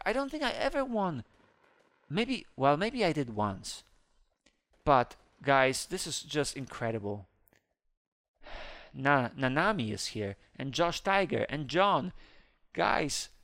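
Male gaming host, gravelly voice, excitable, squeals high then mutters low. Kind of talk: casual Roblox let's-play commentary.

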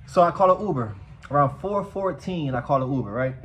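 A man vlogging casually, telling a story in a profane, animated way. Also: fairly high pitch, brisk, poor audio.

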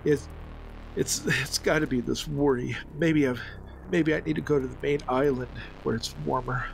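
A man's voice: medium pitch, fairly even intonation, moderate pace, creaky, a little hiss or hum, lightly acted, poor audio. A man voicing a frail, grieving older lord who stammers and repeats himself. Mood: shaky. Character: frail grieving old male lord, trembling.

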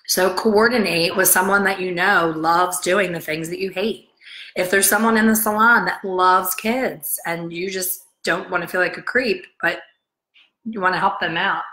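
Blunt, chatty, and animated, a middle-aged salon owner and hair colorist coach speaks straight to camera with casual motivation, acting out those she quotes. Her low-sitting voice comes out bright and forceful at a moderate pace, in a rough recording.

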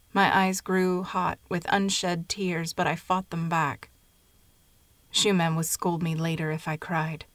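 A woman narrating a short story in a measured, even storytelling manner. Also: lowish voice, no echo.

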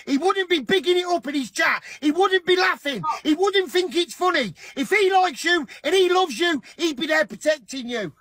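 A man's voice: very high voice, sharp tone, no echo. A man on a livestream, earnestly lecturing and pleading with someone in a repetitive, emphatic way.

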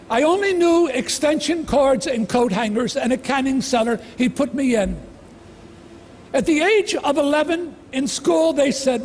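A man in his sixties giving an emotional personal testimony in a slow, dramatic delivery with heavy pauses, speaking in a large outdoor amphitheatre. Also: extremely high pitch, lively intonation, a little mellow, a little hiss or hum. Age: 60s. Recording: long reverb from a large venue, faint ambience.

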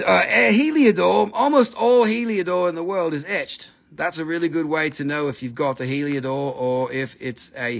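A man's voice: a little high, vocal fry, bright, forceful tone. A man hosting a live mineral sales stream, joking and swearing freely in broken English. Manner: broken, non-native English grammar.

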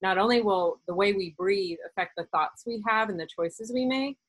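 A woman's voice: medium pitch, moderate pace, no echo, rough recording. A woman hosting a wellness interview, explaining things in a chatty way full of fillers. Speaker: podcast host, doctor. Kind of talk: casual conversational interview.

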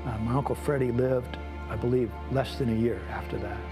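A male pastor shares a heartfelt personal testimony from the stage in a mid-pitched voice. He speaks with earnest sincerity, and music plays clearly underneath him the whole time. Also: fairly even intonation, brisk. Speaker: staff pastor. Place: large arena event.

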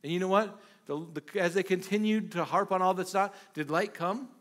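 A pastor preaching a sermon, retelling Bible dialogue in an animated, repetitive way. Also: male voice, high-pitched, moderate pace.

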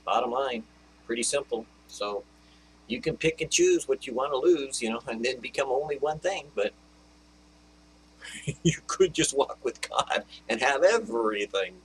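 A man giving a video devotional sermon, earnest, reading scripture slowly and softening to a hushed, consoling tone. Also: medium pitch, animated, a little hiss or hum, low-quality recording. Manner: earnest, reads scripture in a slow, lifted voice. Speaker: devotional preacher.

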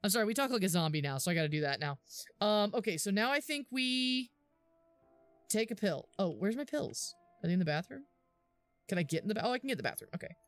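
A woman's voice: mid-range voice, big pitch swings, quick pace, dry recording, faint music behind. A young woman streaming a game, chatting casually and giggling often while she thinks aloud with lots of fillers. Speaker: livestreamer. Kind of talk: casual live gameplay commentary.

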